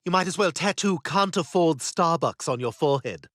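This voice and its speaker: Stewie, a snooty cartoon toddler. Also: male voice, on the high side, animated, moderate pace, a bit bright, no echo, studio quality. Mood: snide. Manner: catty, sarcastic, pompous. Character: snobbish toddler boy with airs.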